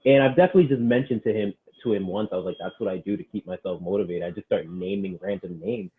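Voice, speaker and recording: A low-pitched man speaks over a thin, phone-like connection. He is a personal trainer chatting casually as a podcast guest, retelling what clients said in a running, conversational way. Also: fast talker. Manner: retells client stories, quoting them with many "he's like". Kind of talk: casual storytelling interview. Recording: tinny phone-like line.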